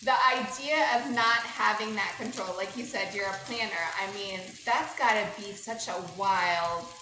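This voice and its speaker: A woman's voice: medium pitch, normal speed. A woman hosting a podcast as a family therapist, talking in an empathetic, affirming way. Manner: empathetic, affirming, animated reactions. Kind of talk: supportive interview talk. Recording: echoey room with faint noise.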